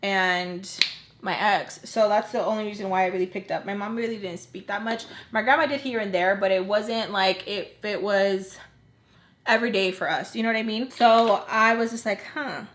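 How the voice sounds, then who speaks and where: A woman's voice: mid-range voice, fairly even intonation, moderate pace, fairly bright tone. A young woman vlogger chatting casually through a storytime while doing her makeup, full of "like" and acted-out quotes. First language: English. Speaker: beauty vlogger.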